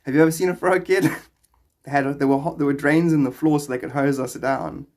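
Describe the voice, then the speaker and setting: Male livestreamer with a fairly high voice on a phone mic, loose and rambling, laughs a lot. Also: steady tone, brisk, a little mellow. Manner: laughs often, rambling and playful. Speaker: livestreamer answering viewer questions. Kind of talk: casual livestream chat.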